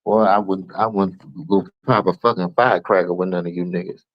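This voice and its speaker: A man with a New Orleans accent streaming an unscripted, profane rant to his listeners. He keeps calling them dog and bro, and he swings between low mutters and sudden high outbursts. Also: fairly even intonation, brisk, no room sound, lo-fi sound. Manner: repeats words, addresses listener as dog and bro. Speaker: streamer giving a spoken open letter.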